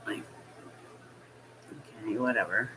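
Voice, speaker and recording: Low-voiced lady slowly telling a story, lots of ums, bit of hiss. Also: bright, forceful tone, some chatter behind, low-quality recording. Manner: slow, hesitant, halting with fillers. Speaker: vlogger. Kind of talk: personal storytelling.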